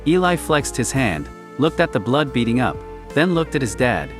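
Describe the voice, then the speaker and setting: A man reading a story aloud in a quiet, clipped, understated way. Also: medium pitch, big pitch swings, normal speed, music in the background. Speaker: narrator. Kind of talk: scripted story narration.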